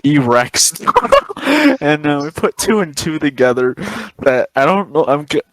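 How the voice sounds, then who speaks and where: Rambling young man with a lively voice. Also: on the high side, no echo, poor audio. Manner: rambling, halting, laughs a lot. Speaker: podcast co-host. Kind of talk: casual storytelling chat.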